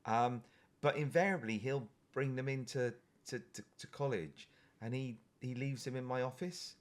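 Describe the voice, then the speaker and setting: A man's voice: mid-range voice, moderate pace. A man co-hosting a comedy podcast, teasing dryly, with many ums and restarts. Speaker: podcast co-host. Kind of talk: casual comedic chat.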